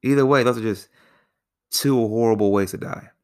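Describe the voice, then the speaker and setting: A man's voice: mid-range voice, normal speed, smooth. A man casually reviewing a film, rambling with lots of fillers and slang, sometimes restarting his sentences. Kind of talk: casual spoken movie review.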